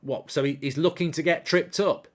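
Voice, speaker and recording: A man's voice: on the high side, normal speed. Indignant man hosting a football watchalong. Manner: animated, indignant rants, reads viewer comments aloud. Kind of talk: live football watchalong commentary, reading chat.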